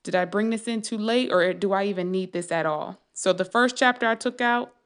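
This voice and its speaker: Woman writer rambling to herself late at night, lots of restarts, just thinking out loud. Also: medium pitch, a little fast, smooth. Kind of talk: casual late-night monologue.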